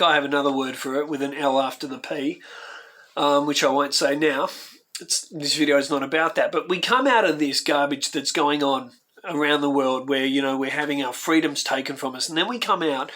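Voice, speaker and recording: A man's voice: on the high side, a bit bright. Emotional Australian man ranting. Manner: heartfelt, ranting, repeats himself. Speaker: YouTube host. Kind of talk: emotional reaction commentary.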